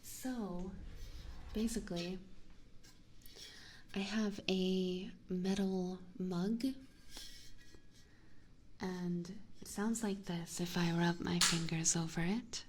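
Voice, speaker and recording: A woman chatting softly on an ASMR livestream, giggly and apologetic, into a binaural mic. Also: fairly low pitch, steady tone, very slow, pauses often, slight background noise. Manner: soft-spoken, giggly and apologetic. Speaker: ASMR streamer. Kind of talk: casual ASMR livestream chat. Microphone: binaural dummy-head mic.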